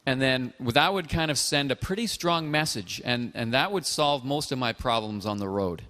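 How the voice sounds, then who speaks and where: A man's voice: mid-range voice, bright, forceful tone. Earnest male call-in host with reverb. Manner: earnest, measured, hesitant with fillers. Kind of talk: call-in chat show.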